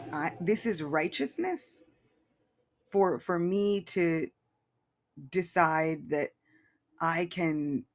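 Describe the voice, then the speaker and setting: A man's voice: a little high, gravelly. A man on a casual podcast, reading scripture aloud and explaining it in a thoughtful, rambling way with many restarts.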